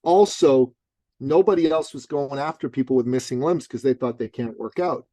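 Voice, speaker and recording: A middle-aged man, an author and business coach, telling a punchy, animated story as a guest in an interview. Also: mid-range voice, normal speed, no echo. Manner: lively, punchy, acts out other people's voices.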